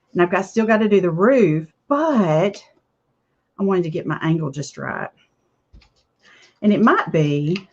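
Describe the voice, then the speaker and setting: A woman chatting casually to viewers while she makes a craft project, rambling from one thought to the next. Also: lowish voice. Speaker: craft vlogger. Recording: slightly dull lo-fi audio.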